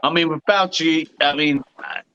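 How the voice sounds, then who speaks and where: A man's voice: on the high side, fairly even intonation, moderate pace, pushed and bright, lo-fi sound. A man co-hosting a podcast, bantering in casual chat with heavy swearing. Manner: profane, emphatic banter. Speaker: podcast co-host.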